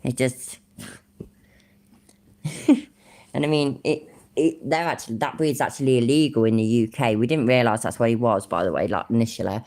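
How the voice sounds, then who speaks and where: Very deep-voiced sweary British woman. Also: normal speed, long pauses, mellow. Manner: sweary, blunt, ranting. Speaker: streamer reacting to a video. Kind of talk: casual reaction commentary.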